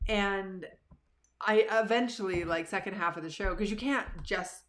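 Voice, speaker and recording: A woman, hosting a live show from her living room and telling stories about herself in a casual, animated, self-deprecating way. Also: mid-range voice, normal speed, slight background noise. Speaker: livestream show host. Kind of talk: casual storytelling to live viewers.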